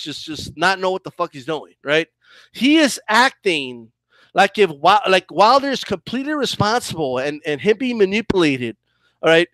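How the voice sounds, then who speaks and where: Guy ranting about boxing, high voice, swears a lot, dry close sound. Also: fairly bright tone, dry recording. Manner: combative, profane, repetitive ranting. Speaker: boxing commentator. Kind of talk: heated reaction commentary.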